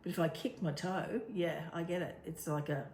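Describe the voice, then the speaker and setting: A woman co-hosting a relaxed talk, her voice sitting slightly low. She rambles warmly through her thoughts and laughs easily. The recording is roomy with a faint hiss. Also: moderate pace. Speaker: co-host. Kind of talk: casual chat. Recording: echoey room with faint noise.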